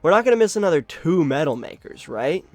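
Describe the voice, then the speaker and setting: A young card game content creator gives casual live commentary as he plays, his voice fairly high and fairly quick, with faint music behind him. He talks animatedly to himself, swearing and laughing at his luck.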